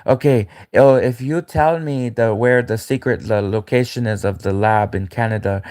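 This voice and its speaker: A man voicing a seductive female Russian spy in a breathy, coaxing put-on manner on a live stream. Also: lowish voice, moderate pace, darkish tone, lightly acted.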